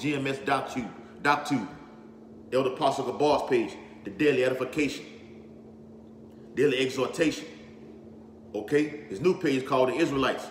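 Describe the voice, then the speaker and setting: A man's voice: medium pitch, a bit bright. A man preaching on scripture with force, repeating himself as he builds and checking in with "all right?" and "okay?". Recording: echoey hall with faint background noise.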